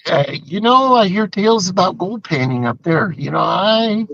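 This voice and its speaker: A man's voice: sits high, expressive, moderate pace, gravelly, pushed and bright, dry recording, highs cut off. An older man co-hosting a casual live show, rambling through stories and reading out viewer comments. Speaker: co-host. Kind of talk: casual live-stream chat.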